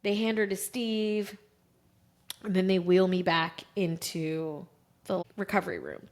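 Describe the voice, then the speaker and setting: Her voice on the low side and her pace measured, a woman in her thirties co-hosts a podcast and relates a personal story in easygoing chat. She's a lively narrator who imitates the voices she quotes.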